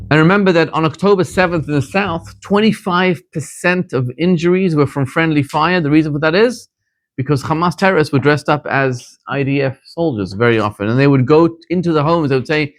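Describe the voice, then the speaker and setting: A man's voice: mid-range voice, dry recording. A man, a rabbi, giving an informal class to a small group, telling stories conversationally with frequent restarts. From Zimbabwe. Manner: conversational storytelling with frequent restarts and "you know".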